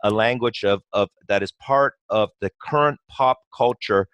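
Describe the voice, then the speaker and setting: A man with a lowish voice talks passionately as a podcast guest, piling up "you know" and starting sentences over as he goes. The sound is dry and close, with almost no room echo. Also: normal speed, fairly bright tone, smooth, dull audio. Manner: passionate, talks in long runs full of "you know" and restarts. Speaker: guest, company co-founder. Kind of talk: conversational podcast interview.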